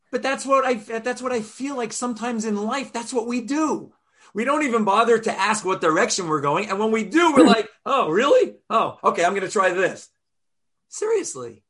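A man teaching a weekly Torah class over a video call, telling stories and acting out quotes with lively jumps in his voice. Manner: animated storyteller, acts out quotes with big pitch jumps.

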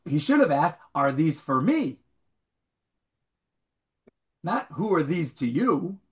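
In a slightly high voice and at a slow pace, this Bible teacher runs an interactive class for a few students, putting questions to them with animation. He also reads verses aloud, some in Hebrew.

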